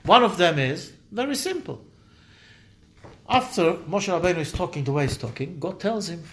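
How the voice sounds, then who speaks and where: Guy teaching a scripture class, high voice that swings all over, chatty with the students, acts out the quotes. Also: normal speed. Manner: animated, acts out quoted dialogue with rising emphasis; conversational, answers students' interjections. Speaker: Torah teacher.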